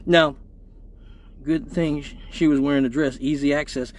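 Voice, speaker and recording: A man's voice: a little high, fairly even intonation, normal speed. A man who hosts a weekly live show, telling a story in a loose, profane, laughing way with lots of repeats. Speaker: exotic dancer hosting a weekly live show. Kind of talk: casual storytelling on a livestream.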